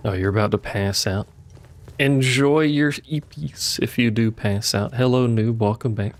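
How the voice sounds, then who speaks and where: With a mid-range voice and measured delivery, a man plays a video game on stream. He's casual with viewers, talks to himself while playing, and curses every so often.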